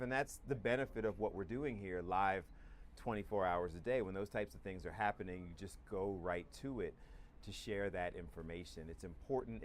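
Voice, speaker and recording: A man's voice: low-pitched, a little hiss or hum. A man anchoring live TV news, talking in a conversational, upbeat way as he wraps up a segment and throws to a break. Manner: conversational, upbeat wrap-ups.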